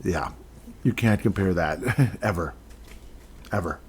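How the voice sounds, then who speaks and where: A man's voice: on the low side, brisk. A man hosting a casual sports podcast, rambling and jokey, chuckling often as he talks. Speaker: podcast host.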